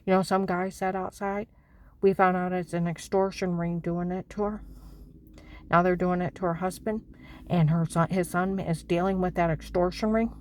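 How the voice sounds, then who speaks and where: A woman talking in an anxious, rambling personal monologue, swinging between hushed whispers and loud outbursts. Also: on the low side, fairly even intonation, moderate pace. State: anxious and on edge. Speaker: vlogger.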